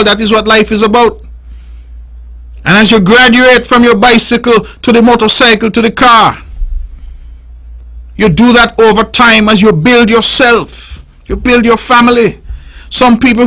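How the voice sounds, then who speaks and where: A man's voice: very high voice, sharp tone, low-quality recording. A middle-aged man with a Nevisian accent, hosting radio call-in commentary in an emphatic, repetitive, preaching way on a studio microphone. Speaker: radio talk show host.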